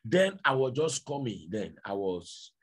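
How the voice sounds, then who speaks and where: A male preacher delivering a sermon, repeating rhetorical questions with a raspy voice. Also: medium pitch, big pitch swings, measured pace.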